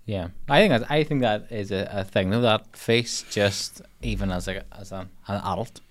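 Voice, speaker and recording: A man's voice: on the low side, moderate pace. A man co-hosting a podcast, dropping short dry jokes in casual chat.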